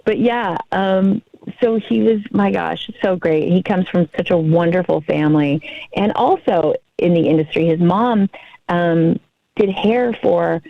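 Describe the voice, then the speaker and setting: A woman's voice: on the low side, measured pace, vocal fry, no echo, phone-quality sound. A middle-aged woman, a guest actress, chatting effusively in a casual interview and laughing often.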